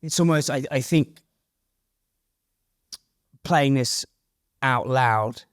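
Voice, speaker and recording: A man's voice: medium pitch, extremely slow, clean tone, no echo, studio quality. A man hosting a podcast interview, talking in a rambling, self-deprecating, casual way with the odd swear. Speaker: podcast host.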